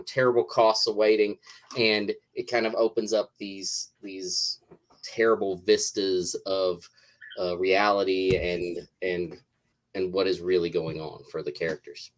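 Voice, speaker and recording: A man who is a comic writer, chatting casually as a guest in an interview, wry and joking, with lots of restarts. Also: medium pitch.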